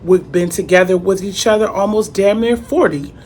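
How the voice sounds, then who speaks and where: A woman in her late thirties, a YouTuber telling a storytime vlog in an animated, repetitive, exclamatory way. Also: mid-range voice, normal speed, a little hiss or hum. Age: 30s.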